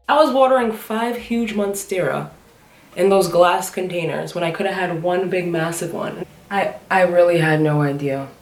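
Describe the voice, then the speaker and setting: Dramatic plant vlogger lady, lowish voice, echoey living room w/ faint music. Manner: dramatic, swears freely, exclaims often. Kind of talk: casual vlog.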